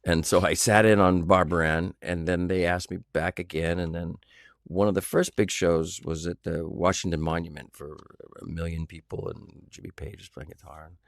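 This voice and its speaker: Deep-voiced man telling lively anecdotes. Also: moderate pace, creaky, no echo, clean studio sound. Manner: animated anecdotes with sung sounds and quoted voices. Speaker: actor guest. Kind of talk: storytelling interview.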